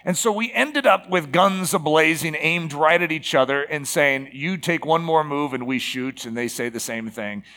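Guy in his 50s preaching loose and chatty, lots of uhs and okays, voice sits a bit high. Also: a bit bright. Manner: conversational, with many fillers and rhetorical asides. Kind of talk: casual sermon to a congregation.

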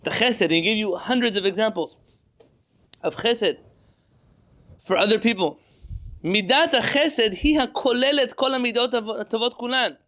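A man's voice: sits high, normal speed, pauses often, sharp tone. A man teaching a Torah class. He reads Hebrew lines, explains each one in English, and asks his listeners rhetorical questions.

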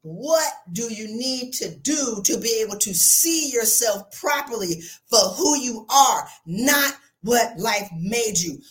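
A woman's voice: fairly high pitch, fairly bright tone. A woman hosting a podcast, giving a passionate, preacherly motivational talk into a close microphone. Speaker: podcast host.

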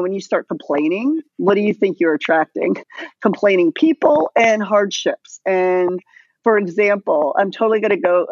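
Woman, 40s, podcast guest, candid animated storyteller, dry lo-fi recording. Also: fairly low pitch, no room sound. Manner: animated storytelling, lively asides. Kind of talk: casual podcast chat. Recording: dull dry lo-fi sound.

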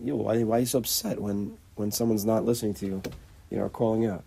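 Male religious teacher, raspy and dark-toned, halting informal lecture with lots of repeated words. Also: fairly low pitch, fairly even intonation. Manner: halting, repeats words, acts out little dialogues.

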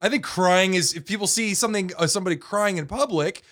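A man's voice: high voice, fast talker, fairly bright tone. A man co-hosting a podcast, trading wry, dry jokes in casual banter close to a microphone. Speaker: podcast co-host.

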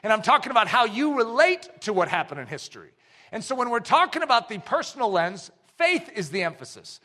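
Man, pastor, preaching, emphatic, rising to shouts, high-pitched, bright tone. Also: sing-song, brisk. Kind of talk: sermon. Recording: long hall reverb.

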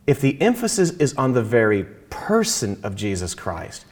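A man in conversation, earnestly explaining his Christian faith and quoting scripture, slowing down to stress key phrases. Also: medium pitch, wildly swooping pitch. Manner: quotes scripture, halting restarts. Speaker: Christian guest speaker.

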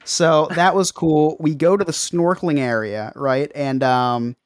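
Animated man telling stories on a dry mic. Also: a little high, unhurried, no echo. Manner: animated, self-mocking, frequent restarts. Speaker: podcast co-host. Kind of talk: casual storytelling chat.

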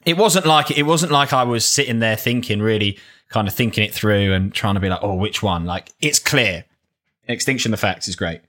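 A man's voice: lowish voice, normal speed, fairly bright tone. A young man with a London accent, co-hosting a podcast in casual, chatty talk. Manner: chatty and laughs easily. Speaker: podcast co-host. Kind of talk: casual chat.

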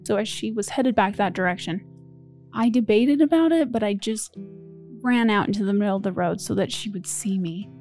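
A woman's voice: medium pitch, normal speed, a little mellow, faint music behind. A young woman in an interview, emotionally recalling a phone call with her father. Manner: emotional first-person recollection. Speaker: interviewee recounting events.

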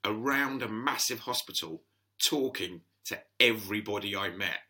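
A man, chatting as an interview guest and telling stories, animated and quick to laugh, often acting out the voices of people he quotes. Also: on the low side. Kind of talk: casual storytelling interview.

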